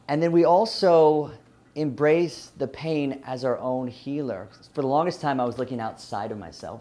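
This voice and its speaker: A man's voice: medium pitch, a little mellow. A man from Louisiana with a Southern twang, giving a personal story talk, earnest and often restarting himself. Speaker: speaker.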